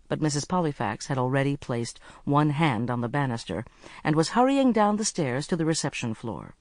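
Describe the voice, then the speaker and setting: An audiobook narrator reads a mystery with a lively, rising-and-falling delivery. The voice sits at a middling pitch, and the close studio recording is dry with no room sound. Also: moderate pace, no echo. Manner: lively, expressive reading.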